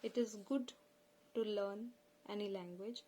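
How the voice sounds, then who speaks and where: Woman, Punjabi accent, unhurried earnest lesson host, mid-pitched voice, faint hiss behind. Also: steady tone, mellow, rough recording. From India. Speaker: channel host. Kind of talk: informal spoken lesson.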